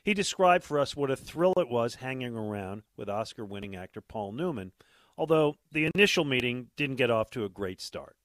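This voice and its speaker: A male radio host reads a scripted introduction in a smooth, measured way. His voice moves up and down a lot across each line. The studio sound is dry and close. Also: mid-range voice, animated, fairly bright tone, dry recording. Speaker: host, co-author of a sports book.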